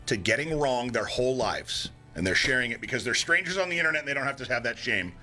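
A man's voice: medium pitch, animated, fast talker, sharp tone, soft background music. A young man hosting a casual morning radio show, joking and laughing at his own puns.

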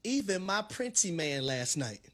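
A middle-aged man with a high, bright voice that swoops wildly up and down. He talks sports on the radio like a revival preacher, sing-song and shouting. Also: sing-song, a little slow. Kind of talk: animated sports radio banter.

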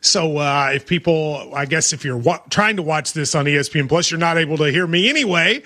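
A man's voice: fairly high pitch, expressive, brisk, sharp tone. A man with a Kentucky accent hosting a casual sports talk show, joking and rambling as he talks over his co-host.

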